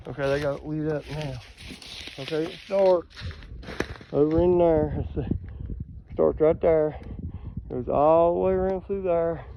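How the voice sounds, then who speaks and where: Outdoors on a ridge trail, an outdoorsman showing off hunting land tells rambling, folksy stories to the camera and laughs at his own jokes. His voice is on the high side with vocal fry. The recording has the highs cut off and slight background noise.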